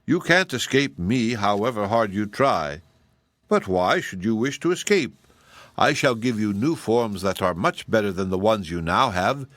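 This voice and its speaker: A man voicing a cruel, scornful giantess sorceress in an audiobook, speaking slowly and mockingly. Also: fairly low pitch, lively intonation, fairly bright tone, no room sound. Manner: slow, mocking and menacing.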